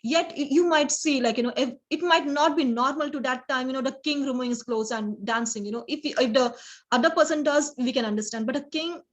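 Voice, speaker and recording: A woman preaching an informal sermon in a halting, earnest way, with frequent restarts and "you know". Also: high voice.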